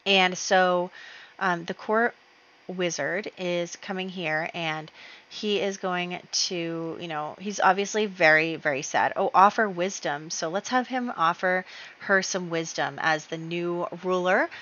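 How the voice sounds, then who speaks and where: A woman's voice: fairly low pitch, unhurried, bright, forceful tone, muffled recording. A woman hosting a let's play, chatting casually as she narrates her game moves with fillers and small laughs.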